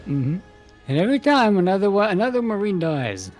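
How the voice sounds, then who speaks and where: A man's voice: sits high, very animated, fairly quick, faint music behind. A man commentating a live strategy game match in a casual, playful way, often laughing and joking between play calls. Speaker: esports caster.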